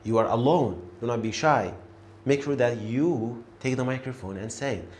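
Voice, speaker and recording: A man teaching a beginner lesson, repeating each letter clearly and encouraging the learner. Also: medium pitch, normal speed, a little mellow, slight background noise. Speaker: Arabic teacher.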